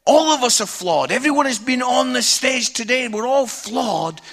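A man in his forties preaching a sermon from a church stage, telling personal stories in a candid, humorous, animated way. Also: sits high.

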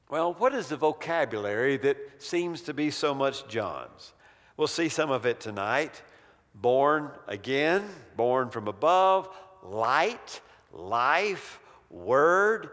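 A man teaching an evening Bible study in a conversational way, slowing down to stress key words. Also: mid-range voice, fairly bright tone, big-room sound.

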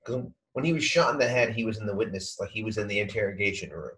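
A man co-hosting a casual podcast chat over a video call, lively and acting out quoted lines as he talks. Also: lowish voice, fast, poor audio. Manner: animated, acts out quoted lines. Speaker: podcast co-host.

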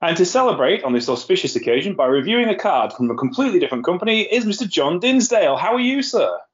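A man's voice: high voice, very animated, fast talker. A man hosting a casual podcast, chatty and rambling, often laughing at his own jokes. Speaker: podcast host. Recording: lo-fi muffled sound.

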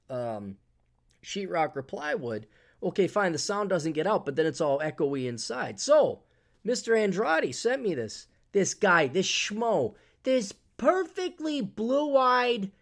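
A man hosting a podcast in a casual monologue, ranting sarcastically and acting out mock quotes. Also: sits high. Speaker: podcast host.

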